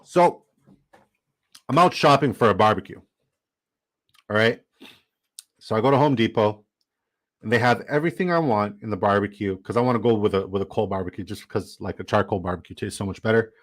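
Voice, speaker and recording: A young man casually telling his viewers a long story, animated and rambling, with lots of "like". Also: fairly low pitch, fairly quick, long pauses. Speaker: fantasy football streamer.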